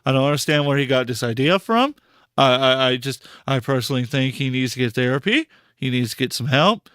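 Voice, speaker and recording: A man's voice: mid-range voice, lively intonation, fairly quick, a bit bright, clear, resonant tone, no room sound, clean studio sound. A man hosting a live stream, talking casually and repeating himself in disbelief, stammering for words. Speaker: podcast host and streamer.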